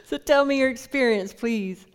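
A woman's voice: high voice, moderate pace, clean tone. A woman preaching a sermon in a conversational way, putting questions to the congregation.

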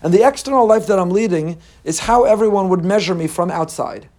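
A man teaching a Torah lesson, earnest and repetitive, swinging between emphatic lists and quiet asides. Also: high voice, brisk. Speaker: rabbi teaching a class.

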